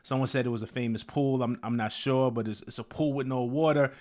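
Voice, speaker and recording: A man's voice: mid-range voice, steady tone, fairly quick, a little mellow. A man hosting his own show, giving casual commentary on a new music release, talking loosely with many fillers and restarts. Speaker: host.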